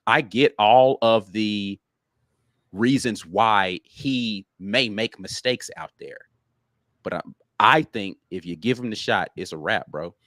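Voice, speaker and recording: Lowish voiced guy, confident and emphatic, says bro a lot, dry mic. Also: slow, a bit bright, no echo. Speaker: sports podcast co-host. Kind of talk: casual sports talk.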